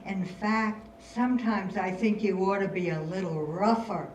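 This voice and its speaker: A woman's voice: medium pitch, a little slow, a little mellow, slight background noise, close to an everyday voice. An older woman in a staged reading, playing a sardonic, rebellious rich girl writing letters. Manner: sardonic, theatrical. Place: stage in a hall. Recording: roomy, distant hall recording.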